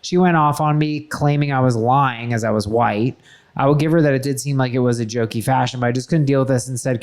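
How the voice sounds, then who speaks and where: A man's voice: medium pitch, steady tone, fairly quick. A man hosting a podcast who reads a listener's story aloud with playful, jokey asides, then chats casually. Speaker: podcast host.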